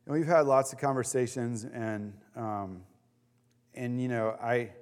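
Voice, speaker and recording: A man leading a Bible study, teaching in a casual, animated way with many fillers. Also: medium pitch, a little slow, long reverb tail.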